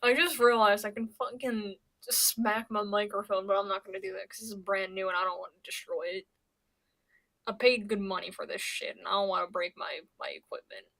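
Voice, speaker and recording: A woman's voice: medium pitch, steady tone, fairly quick, creaky, a bit bright. A young woman from Pennsylvania chatting casually on her stream, rambling and swearing, with lots of stammered restarts. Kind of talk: casual chat.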